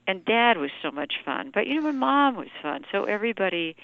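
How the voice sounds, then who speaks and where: Woman guest, rambling anecdotal delivery, crisp tone, dry dull recording. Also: medium pitch, big pitch swings, fairly quick, no room sound. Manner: chatty storyteller, many "you know" fillers. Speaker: singer, guest. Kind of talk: casual interview chat.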